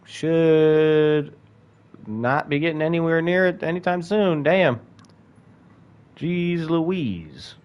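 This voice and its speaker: A man's voice: on the high side, expressive, slow, long pauses, smooth, highs cut off. A young man streaming a space game, rambling and swearing casually, bursting into yelps and laughs. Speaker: gaming streamer. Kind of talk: casual gameplay commentary.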